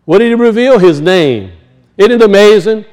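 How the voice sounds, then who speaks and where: A man preaching a sermon, emphatic, slowing down to teach word meanings and dropping low and quiet for weight. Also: expressive. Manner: emphatic, slows to teach words, drops low and soft for weight.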